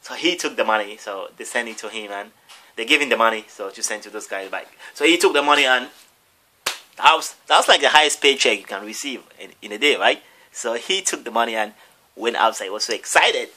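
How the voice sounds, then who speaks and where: Telling a lengthy tale casually, this male vlogger wanders, starts over, and performs all the characters' voices himself. He speaks a little fast in an expressive, medium-pitched voice with a sharp tone.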